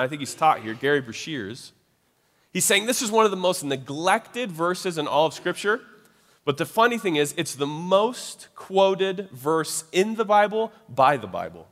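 A man preaching a sermon in a loose, chatty way, often tossing in quick tag questions to his listeners. His voice sits a little high for a man. It rings out with a long reverb, like a church hall. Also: a bit bright. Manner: conversational, frequent "right?" tag questions.

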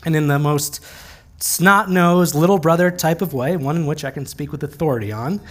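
A man preaching a sermon in an easy, conversational manner, his voice sitting a touch high for a man. He speaks plainly and slips in dry bits of humor along the way. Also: moderate pace. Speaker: pastor.

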